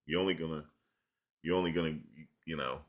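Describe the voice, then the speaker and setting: A man's voice: extremely low pitch, steady tone, brisk. A man chatting on a live stream, rambling loosely through stories in slang and reading viewers' questions aloud. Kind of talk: casual live-stream chat. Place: at home in front of a camera.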